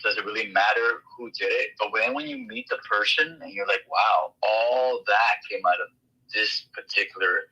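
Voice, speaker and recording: Male guest, low, bright and husky, phone-quality sound. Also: big pitch swings, normal speed. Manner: hesitant, many fillers. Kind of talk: casual chat on an audio space.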